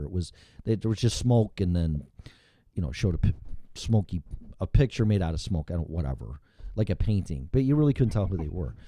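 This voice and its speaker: A male show host riffs in loose, rambling chat, swearing freely and never mincing words. His pitch swings widely as he talks, and his tone is dark and mellow. The sound is dry and close. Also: no room sound. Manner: rambling, blunt and profane. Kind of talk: casual chat.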